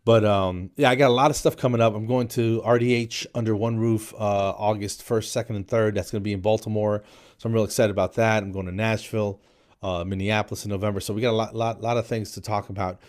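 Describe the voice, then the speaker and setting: A man's voice: lowish voice, fairly even intonation, fast talker, a little mellow. A man in his forties, from New Jersey, hosting a podcast in a jokey comedic monologue that he peppers with "man" and "dude". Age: 40s. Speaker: podcast host.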